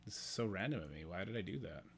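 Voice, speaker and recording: A man's voice: low voice, lively intonation, quick pace, creaky, slight background noise. A man streaming a game, out of breath, chatting casually and thinking aloud with self-deprecating asides. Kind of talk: casual live-stream commentary.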